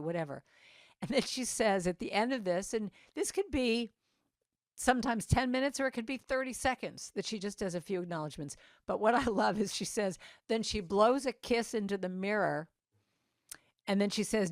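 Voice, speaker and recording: A woman's voice: medium pitch, normal speed, no echo, studio quality. A woman giving an inspirational talk at a church service, chatty and meandering, with asides to people in the audience. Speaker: guest speaker at a church service. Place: church sanctuary.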